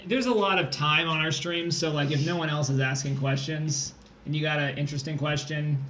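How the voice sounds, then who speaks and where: A man's voice: a little high, steady tone, a little fast, sharp tone. A young man tutoring test prep on a casual livestream, joking and theatrical. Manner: playful, jokey, theatrical. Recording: echoey room, faint background noise.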